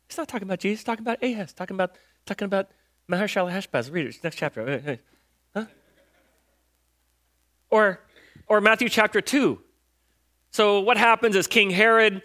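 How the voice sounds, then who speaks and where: A pastor with a high-pitched, pushed, bright voice preaches conversationally, retelling Bible stories in slang and quizzing listeners with rhetorical questions.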